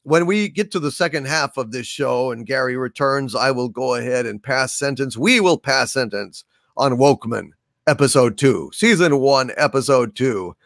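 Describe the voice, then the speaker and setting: A man's voice: medium pitch, expressive, moderate pace, creaky, a bit bright, no echo, clean studio sound. An older man hosting a livestream, reading super chats aloud with grand, theatrical proclamations. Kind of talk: casual livestream chat.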